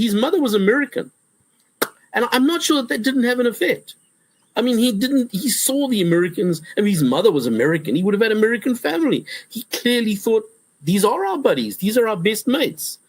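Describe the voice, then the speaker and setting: Animated husky-voiced professor in interview. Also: male voice, extremely high pitch, a little fast, dry recording, low-quality recording. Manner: animated, repetitive restarts, acts out quotes. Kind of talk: conversational interview.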